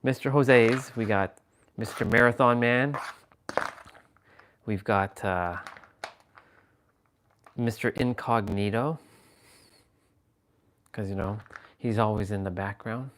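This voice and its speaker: A man's voice: lowish voice, takes it slowly, pauses often, a bit bright, a little hiss or hum. A man hosting a live stream, rambling casually and playfully as he chats with his viewers. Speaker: livestream host.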